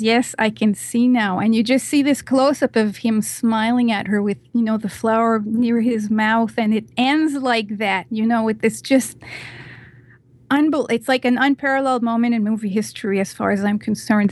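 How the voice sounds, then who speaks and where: A woman guest on a podcast, chatting casually and retelling a film scene in animated detail, with lots of "you know" fillers. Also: on the high side, normal speed.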